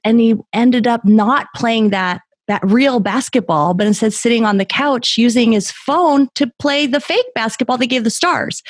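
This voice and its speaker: A middle-aged woman speaking as a guest author in a podcast interview, telling lively stories and acting out the voices she quotes. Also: fairly high pitch, no echo, studio quality. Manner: lively storyteller who acts out quoted voices.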